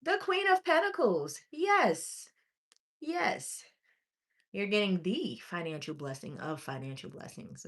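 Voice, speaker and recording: A woman doing tarot readings on a livestream, reading chat aloud and calling viewers honey and sweetie. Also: fairly low pitch. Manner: chatty and affectionate, calls viewers honey and sweetie; reads chat aloud while scrolling, with pauses and restarts.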